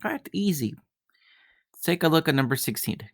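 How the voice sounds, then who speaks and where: A man's voice: fairly high pitch, expressive, moderate pace, gravelly, no echo, clean studio sound. A male math teacher working through geometry problems step by step, often repeating himself and checking in with "right?". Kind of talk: recorded math lesson.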